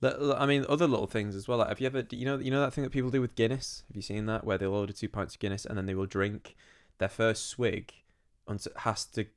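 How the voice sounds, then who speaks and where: A man co-hosting a chatty podcast, rattling along at a quick pace in a lowish, smooth voice. He talks bluntly, swears freely and often restarts his sentences. The sound is close and dry. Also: fairly even intonation, no echo. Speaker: podcast co-host. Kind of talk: casual podcast chat.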